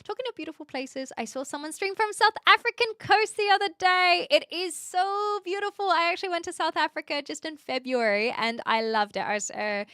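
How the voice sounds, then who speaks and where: A woman's voice: very high-pitched, expressive, brisk, few pauses, pushed and bright, dry recording, clean studio sound. Chatty woman from New Zealand streaming. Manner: chatty, restarts words often. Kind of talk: casual chat answering viewers.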